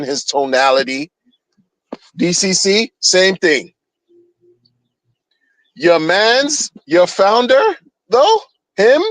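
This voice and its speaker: A man's voice: a little high, a bit bright, no echo, low-quality recording. Blunt, slangy man ranting on stream. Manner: blunt, slangy, rambling with repeated phrases. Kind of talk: casual on-stream rant. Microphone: streaming mic.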